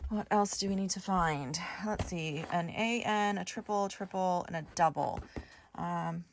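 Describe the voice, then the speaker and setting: A woman's voice: fairly low pitch, a little slow, slight background noise. Chatty woman vlogging her reseller work. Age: middle-aged. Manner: chatty and rambling, talking to viewers while searching shelves. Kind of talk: casual work-with-me vlog narration. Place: home storage area with shelves and bins.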